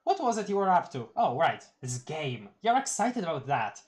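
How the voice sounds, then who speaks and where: Giggly, rambling streamer voice, mid pitch, casual webcomic live read. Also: sing-song, normal speed, darkish tone. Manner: giggly, rambling, often restarts words. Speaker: streamer reading a webcomic aloud.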